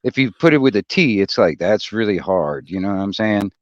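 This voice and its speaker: A man with a lowish voice talks haltingly, full of ums and uhs, over a dull, lo-fi call line. It sounds dry and close. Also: lively intonation, dry recording. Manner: halting, lots of fillers. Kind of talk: casual group chat.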